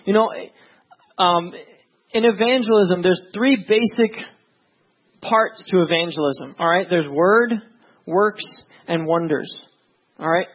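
Husky high-voiced man preaching. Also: takes it slowly, long pauses, lo-fi sound. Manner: earnest, conversational preaching with many "you know"s. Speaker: pastor. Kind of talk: sermon.

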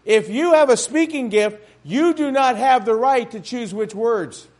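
A man's voice: extremely high pitch, measured pace, darkish tone. A man pastor preaching a sermon in a church, talking to the congregation with frequent rhetorical questions.

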